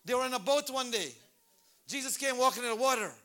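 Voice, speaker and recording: Male preacher, high and bright, animated, shouts exhortations at a church service. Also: fast talker. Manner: animated, repeats names, bursts into shouts. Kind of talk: sermon.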